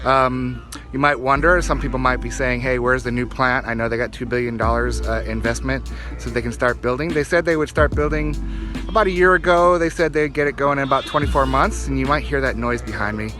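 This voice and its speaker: A man's voice: medium pitch, fairly even intonation, fairly quick, over music. A man sending a chatty, lightly joking video report from outdoors by a field, filmed on a handheld phone. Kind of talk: casual on-location video message.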